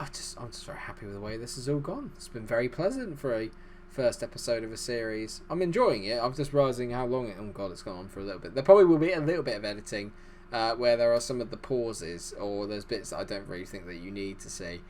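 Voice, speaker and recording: A man with a voice of ordinary pitch talks quickly and excitedly as he commentates on a football management game. His delivery is chatty and self-deprecating, with a faint hum of noise behind him. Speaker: gaming YouTuber.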